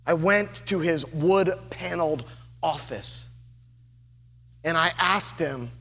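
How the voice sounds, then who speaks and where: High-voiced, slow-preaching pastor, man. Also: bright, forceful tone, in a large hall. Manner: earnest, deliberate preaching with dramatic pauses. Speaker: lead pastor. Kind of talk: sermon. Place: church sanctuary.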